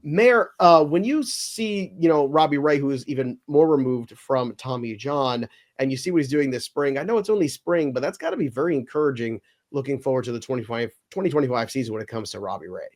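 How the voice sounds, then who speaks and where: A man hosting a casual sports podcast, animated and given to mock outrage. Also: mid-range voice, quick pace, few pauses. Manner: animated, mock-outraged when picks are taken. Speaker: podcast host running a mock draft.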